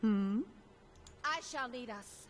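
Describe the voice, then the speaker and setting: A commanding female adventurer from a fantasy video game, who barks short orders as she takes the lead of her party. Her voice sits high and swings lively up and down, and a faint hiss of noise runs under the lines. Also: slow pace. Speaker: game character voice set.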